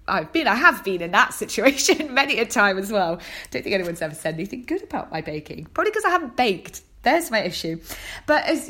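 Chatty woman on the show. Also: medium pitch. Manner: chatty, animated, quick asides with laughs. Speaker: host of a chat show segment. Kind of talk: casual chat about baking and fashion.

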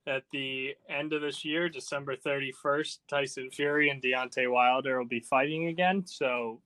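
A man's voice: mid-range voice, fairly even intonation, normal speed, pushed and bright, smooth, no echo. A man co-hosting a casual sports podcast, talking in a blunt, brash, trash-talking way.

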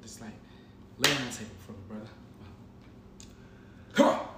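A man co-hosting a casual podcast chat, playful and teasing, animated, often repeating words. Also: on the low side, moderate pace. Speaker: co-host. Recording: echoey room with noise.

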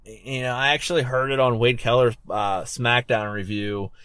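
Male co-host, mid-pitched, laid-back and chuckly, dry close sound. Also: steady tone, moderate pace, fairly bright tone, clear, resonant tone, dry recording. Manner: laid-back, chuckling, reads numbers aloud. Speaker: podcast co-host. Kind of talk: casual wrestling podcast chat.

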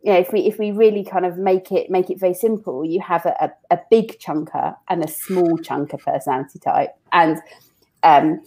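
A woman's voice: fairly low pitch, steady tone, a little fast, a little mellow, husky. A woman talks through her working life in a casual interview. She is chatty and loose, often stopping to restart or repeat a word before carrying on. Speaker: business owner guest.

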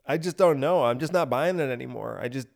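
A man's voice: medium pitch, brisk, vocal fry. A young man hosting a podcast, telling a rambling comedic story, repeating himself and laughing at his own bit. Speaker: podcast host. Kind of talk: casual comedic monologue.

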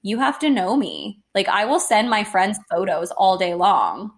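A young woman co-hosting a podcast, chatting casually and bluntly, indignant and quick to swear. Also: mid-range voice, expressive. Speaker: podcast co-host. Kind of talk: casual chat.

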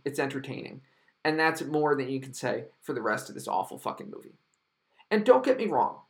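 A man's voice: a little high, gravelly, a bit bright. A man delivering an exasperated, profanity-laced film review monologue with heavy emphasis.

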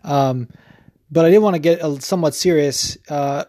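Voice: mid-range voice, moderate pace, dry recording. Dry, rambling podcast host. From United States. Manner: profane, rambling, animated with many fillers. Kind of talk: casual opinion rant.

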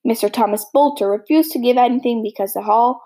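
A woman reading a classic novel aloud as an audiobook, steady with small slips. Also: a little high, a little fast, rough recording. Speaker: audiobook reader. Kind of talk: storybook reading.

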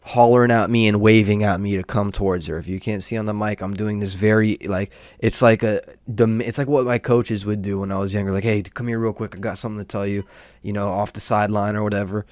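Casting: young guy with a lowish voice, close dry mic, swearing and rambling through a neighbor story. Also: fairly even intonation, fairly quick, hardly any pauses, darkish tone, dry recording. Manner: profane, exasperated, rambling with many fillers. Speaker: podcast host. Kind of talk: casual storytelling rant.

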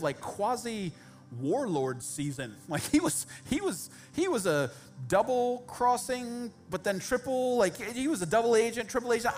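A man's voice: very high voice, fairly bright tone. A man preaching a sermon as pastor, speaking directly and conversationally to his congregation with humorous asides.

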